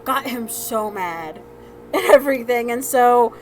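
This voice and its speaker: This is a woman with a high, bright-toned speaking voice, telling a family anecdote during a live crafting stream. She rambles casually and doubles back on her words. She laughs easily as she goes. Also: animated, a little slow, slight background noise, low-quality recording. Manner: chatty and rambling, with frequent laughs and restarts. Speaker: soapmaker hosting a live stream. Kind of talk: casual storytelling while crafting.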